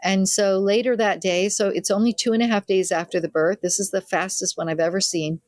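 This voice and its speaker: A woman's voice: mid-range voice, brisk, dry recording, studio quality. An older woman, a midwife in an interview, telling family stories and acting out the people she quotes. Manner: lively storyteller who acts out quoted family members. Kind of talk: anecdotal interview storytelling.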